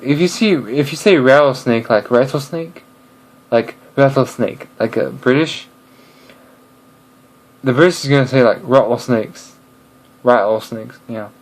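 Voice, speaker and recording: A young man chatting casually to camera, rambling and hesitant, with many pauses and restarts. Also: medium pitch, low-quality recording. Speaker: video creator.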